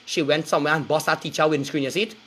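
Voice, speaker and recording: A man's voice: a little high, fairly even intonation, very fast, fairly bright tone, a little hiss or hum. A man with a Trinidadian accent delivering an angry, cursing, threatening street rant to his viewers. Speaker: online commentator.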